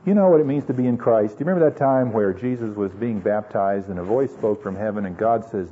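A man's voice: on the low side, a little fast, few pauses, slight background noise. A man from the United States preaching an earnest, conversational sermon full of rhetorical questions, in a dull lo-fi recording. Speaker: pastor.

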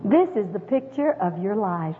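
A woman's voice: medium pitch, sing-song, normal speed, slight background noise. A middle-aged woman gives a folksy, emphatic spoken testimony to an audience. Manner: folksy, emphatic, with sudden rises and drops. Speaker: women's speaker giving testimony. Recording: echoey hall, tinny phone-like sound.

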